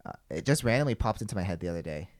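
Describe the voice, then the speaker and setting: A man's voice: low voice, big pitch swings, very fast. A young man hosting a podcast, telling a story in casual chat, rambling, swearing freely and filling with "like". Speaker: podcast host.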